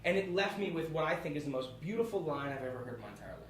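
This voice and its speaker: A young American man telling a personal story on stage, animated and laughing as he goes. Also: on the high side, rapid-fire. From United States. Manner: animated, laughing between lines. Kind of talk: live storytelling. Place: small theatre with live audience. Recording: echoey room, far from mic, audience.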